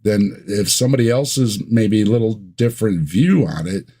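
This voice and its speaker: Low, husky-voiced man, easygoing. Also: animated, moderate pace, mellow. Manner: easygoing, dry humor, stammers on repeated words. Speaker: guest. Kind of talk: casual chat.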